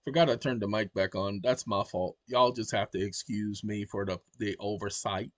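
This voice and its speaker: A man's voice: lowish voice, steady tone, moderate pace, no echo. A man hosting his own channel, talking to his audience in an emphatic, preachy monologue. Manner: emphatic and preachy, keeps addressing the audience directly. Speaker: channel host. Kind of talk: casual explanatory monologue.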